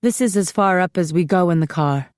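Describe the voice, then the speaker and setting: A woman's voice: lowish voice, fairly quick, a little mellow, dry recording, close to an everyday voice. A woman voicing a confident mother who leads the way and teases fondly, read in a dry, close studio sound. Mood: instructing. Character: warm teasing mother, confident guide.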